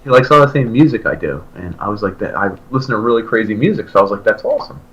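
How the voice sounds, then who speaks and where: A man in his thirties, a podcast co-host, telling a long story in casual chat and acting out his own excited remarks. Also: fairly low pitch, rapid-fire, lo-fi sound. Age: 30s. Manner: animated, jumps into loud excited quoted voices.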